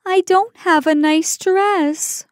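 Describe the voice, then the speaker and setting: A woman's voice: very high voice, slow, no room sound, studio quality, pitched above the performer's own voice. A woman voicing Cinderella, a sweet, timid young girl, in a storybook reading, speaking small and pleading. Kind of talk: storybook character voice.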